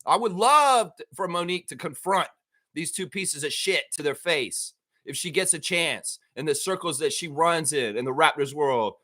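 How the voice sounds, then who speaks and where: A man hosting a casual daily fan livestream, talking excitedly, swearing and acting out bits of dialogue. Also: on the high side, normal speed.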